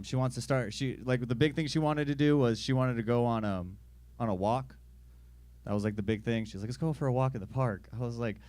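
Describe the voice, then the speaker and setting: Crude young man doing stand-up. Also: medium pitch. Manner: crude, deadpan storytelling with acted-out voices. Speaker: stand-up comedian. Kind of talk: stand-up comedy set.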